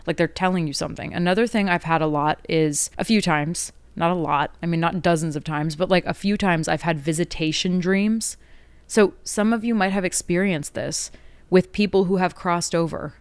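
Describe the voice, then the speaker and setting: Woman podcaster rambling casually, lots of "like", smooth lowish voice, dry close sound. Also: dry recording. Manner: chatty, rambling, heavy on "like", frequent self-corrections. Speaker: podcast host. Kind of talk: casual spiritual monologue.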